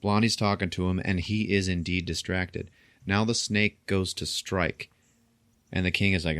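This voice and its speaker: A man hosting a podcast, recapping a film in casual chat with animated storytelling, frequent laughter and swearing. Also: low-pitched, moderate pace, dry recording. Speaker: podcast host.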